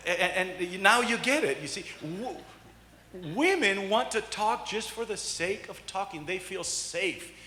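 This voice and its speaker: A man's voice: high voice, expressive, measured pace, sharp tone, a little hiss or hum. A middle-aged male pastor preaching a sermon, joking with the congregation and acting out the voices he quotes. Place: church sanctuary. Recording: echoey church hall.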